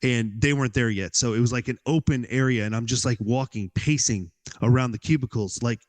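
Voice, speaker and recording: A podcast guest with a medium-pitched, brisk voice tells an animated personal story. Along the way he performs his own inner dialogue, filling it with "like."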